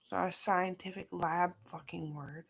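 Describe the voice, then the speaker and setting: A woman's voice: fairly low pitch, steady tone, normal speed, vocal fry, slightly rough. A middle-aged woman talking in a rambling, casual monologue, profane and scattered, jumping from aside to aside. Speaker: vlogger.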